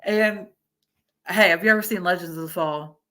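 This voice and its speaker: A woman's voice: on the low side, quick pace, bright, forceful tone. A woman in her early thirties chatting casually on a stream, swearing freely and laughing often. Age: early 30s. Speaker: streamer reacting to a video. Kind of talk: casual live-stream chat.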